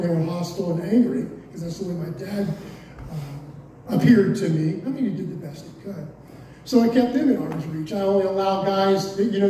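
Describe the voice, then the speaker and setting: A man's voice: high voice, mellow, distant mic. A man in his forties giving his personal testimony to a congregation, candid and wry, with self-mocking asides. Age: 40s. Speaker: testimony speaker. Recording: roomy echo, voice from off-mic, faint hiss.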